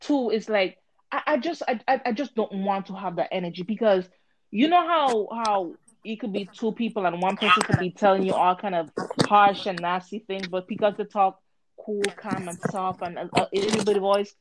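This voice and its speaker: Animated woman telling a story, harsh voice. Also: mid-range voice, fairly quick, a little hiss or hum, rough recording. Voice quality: harsh-sounding voice. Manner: animated, swearing, acts out both sides of the story. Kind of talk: casual storytelling chat.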